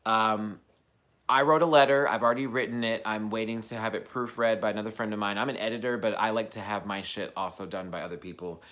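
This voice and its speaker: A man telling a story as a casual vlog rant, sassy and profane, swinging from loud outbursts to low muttered asides. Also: a little fast. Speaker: vlogger.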